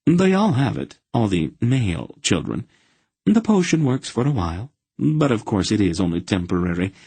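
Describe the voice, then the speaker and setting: A man's voice: lowish voice, big pitch swings, moderate pace, dark tone, breathy edge, no echo, pitched above the performer's own voice, heavily acted. A man reading a wry, commanding older woman who schemes sweetly and a little slyly. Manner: sweetly scheming, slightly sly.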